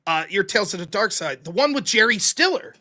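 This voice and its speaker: Male show host, high bright voice, animated, loose and profane. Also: a little fast. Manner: animated storyteller, swears freely. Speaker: podcast host. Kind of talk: casual chat.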